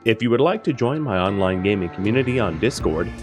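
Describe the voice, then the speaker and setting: Lively chatty man streaming a game. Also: fairly low pitch, fast, faint music behind. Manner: chatty, thinks aloud, answers chat. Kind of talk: casual live-stream commentary.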